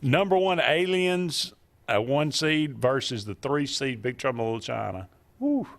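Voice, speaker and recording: A man hosting a casual sports talk radio show, bantering with a co-host and often pausing on fillers. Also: medium pitch, lively intonation, creaky, a bit bright.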